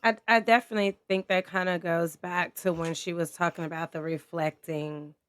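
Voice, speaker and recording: A woman's voice: on the low side, steady tone, moderate pace, fairly bright tone, smooth, no echo. A woman co-hosting a podcast in casual chat, speaking reflectively and adding short replies of agreement. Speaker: podcast co-host.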